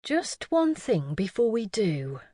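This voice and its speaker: A woman voicing a shrewd, observant younger woman who speaks in a thoughtful, deliberate way. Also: medium pitch, sing-song, mellow, no echo, studio quality.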